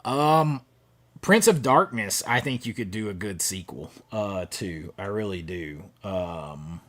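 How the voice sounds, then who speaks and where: Here a man with a lowish, fairly bright voice and lively intonation speaks slowly. He hosts a relaxed horror movie livestream, chatting over viewer comments and rambling with fillers and restarts.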